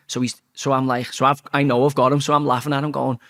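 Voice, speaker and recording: Bloke telling a sweary footy story, blunt, animated, average pitch. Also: male voice, fast talker, few pauses. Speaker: interview guest, former footballer. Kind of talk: casual storytelling interview.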